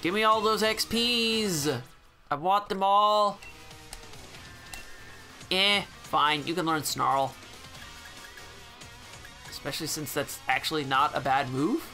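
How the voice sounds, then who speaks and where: A man's voice: on the high side, steady tone, slow pace, long pauses, pushed and bright, soft background music. A man giving casual, sarcastic gameplay commentary, swearing freely. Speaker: gameplay channel host.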